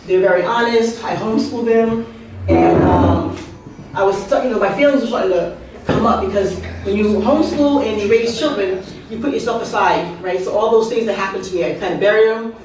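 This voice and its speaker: Against a noisy background, a woman of medium pitch talks briskly, an author in her fifties telling funny personal stories at an open mic held in an art venue. Her chatty style is full of asides and questions to the crowd. The room echoes heavily, and her voice comes from a distance.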